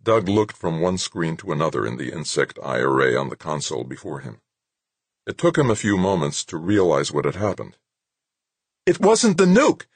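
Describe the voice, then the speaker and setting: A man narrating a novel in a steady, measured way, his voice extremely low with a husky grain. The close mic gives a dry, dead sound with no room around it. It is audiobook narration from start to finish. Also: dry recording. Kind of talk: scripted narration.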